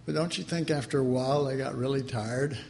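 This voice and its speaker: A man's voice: mid-range voice, steady tone, brisk, creaky, a little mellow, slight background noise. A man preaching a conversational sermon in a folksy way, laughing often and acting out the voices he quotes.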